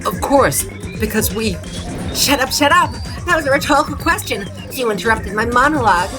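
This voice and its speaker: A woman's voice: fairly high pitch, lively intonation, normal speed, over music, pitched above the performer's own voice, lightly acted. A woman reading a game's villainous schoolgirl mastermind, obsessed with despair, in a melodramatic, mood-swinging voice. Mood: taunting. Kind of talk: reading game dialogue aloud.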